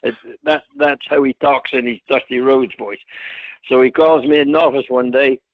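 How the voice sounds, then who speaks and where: The speaker is an older Scotsman and former wrestler recounting stories in an interview, colloquial and anecdotal, playing out each quoted person. His pitch is medium, his intonation fairly flat, his pace moderate. Sound is thin and tinny with no room ambience.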